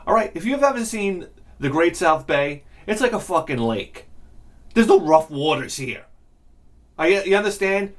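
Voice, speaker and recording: Middle-aged guy, profane comedic rant, higher voice, pitch leaping all over. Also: moderate pace. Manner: profane, exasperated, animated ranting. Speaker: vlog host. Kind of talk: ranting comedic storytelling.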